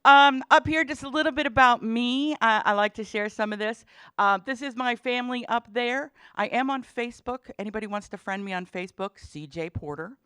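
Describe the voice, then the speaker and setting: A woman's voice: a little high, brisk, bright, forceful tone, clear, resonant tone, dry recording. A middle-aged woman, a dean, giving a chatty, humorous talk to parents at orientation, with many fillers. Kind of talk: presentation to parents.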